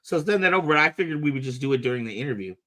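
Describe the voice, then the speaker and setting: A man's voice: mid-range voice, expressive, very fast, fairly bright tone. A man hosting a podcast in casual chat, enthusiastic and a bit rambling when introducing a guest. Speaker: podcast host.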